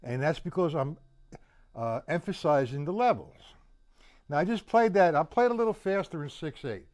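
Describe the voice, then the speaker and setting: A man's voice: a little high, sing-song, normal speed, a little mellow. A man teaching a casual drum lesson, chatting with viewers and counting beats aloud. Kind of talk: live-streamed drum lesson.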